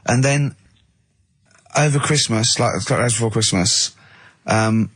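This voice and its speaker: A man's voice: mid-range voice, a little slow, a bit bright, breathy edge, no room sound. A man co-hosting a radio show, telling a long rambling anecdote with a sarcastic edge, on a studio microphone. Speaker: radio co-host. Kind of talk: casual radio studio chat.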